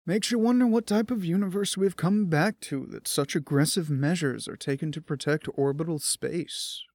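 A man's voice: a little high, normal speed, darkish tone, no room sound. A man voicing a commanding male starship captain giving orders to his crew. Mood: firm. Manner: firm, commanding.

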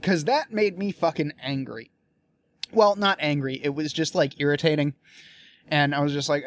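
A young political commentator delivers a casual, blunt and profane rant at normal speed in a fairly high voice. He keeps restarting his sentences as he works through his frustration.

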